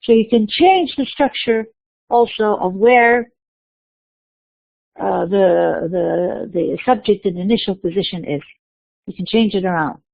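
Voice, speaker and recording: Female lecturer, mid-pitched voice, patient explaining with self-posed questions, dry close recording, tinny narrow sound. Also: a little slow, vocal fry, long pauses, no echo. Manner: explanatory, repeats words and restarts, asks and answers own questions. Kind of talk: university lecture.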